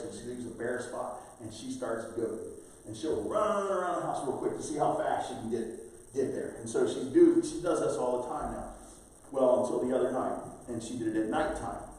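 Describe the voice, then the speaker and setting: A man's voice: medium pitch, a little mellow. A middle-aged man preaching a sermon as pastor, talking with the congregation in a conversational, storytelling way. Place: church sanctuary. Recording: roomy church hall, from far off.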